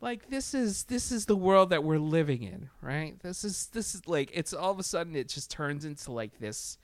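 A man talking loosely in a casual podcast chat, swearing freely and stumbling over fillers and restarts. His voice sits a little high and sounds smooth and clean. The mic is close and the room is dry. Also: normal speed, no room sound. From Latin America. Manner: profane, animated, many fillers and restarts.

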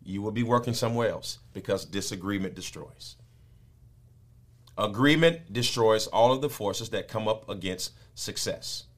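A man preaching a sermon, moving from low, quiet explaining to high, loud, shouted peaks. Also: moderate pace.

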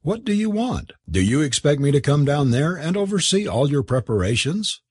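A brisk young lady of the house, stern and commanding, with a faint note of amusement, as a man puts her on. Her voice sits higher and sounds husky and dry. A storybook character read aloud. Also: sing-song, a little mellow, dry recording.

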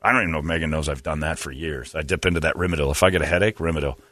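A man's voice: rumbling low, steady tone, very fast, bright, forceful tone, no room sound. A man in his fifties telling rambling, self-mocking stories in a casual comedic chat. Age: 50s.

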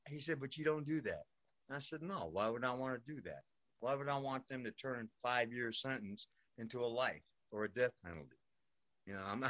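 A man's voice: mid-range voice, a bit bright. An older man from Brooklyn telling his own story in a rambling, profane way, peppered with "man" and "you know". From Brooklyn, New York. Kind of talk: personal storytelling monologue.

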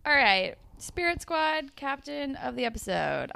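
A young woman with a fairly high voice and gravelly fry, swinging her pitch widely as she recaps a TV episode. She chats casually as a podcast co-host and throws herself into quoting the characters. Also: measured pace. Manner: animated, acts out quotes with big pitch jumps.

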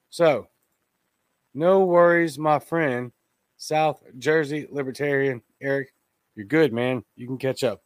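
A man's voice: mid-range voice, no room sound. A man hosting a live podcast, giving blunt, indignant commentary on a TV clip and talking straight to his listeners. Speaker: podcast host.

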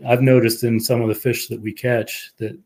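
A man who works as a fisheries administrator, a podcast guest explaining research in a measured way. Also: mid-range voice, level tone, a little mellow. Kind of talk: casual chat.

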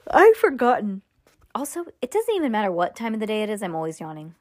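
A woman's voice: on the high side, expressive, a little fast, a little mellow, no echo. Woman, casual read-aloud of a novel to a kid, asides and restarts, dry close sound. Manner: reads with asides, restarts and laughs. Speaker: parent reading aloud to a child.

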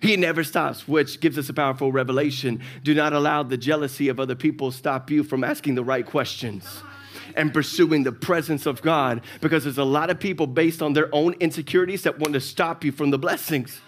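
Animated Southern pastor preaching, slightly high. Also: male voice, brisk. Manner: animated storytelling, acts out characters. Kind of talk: sermon.

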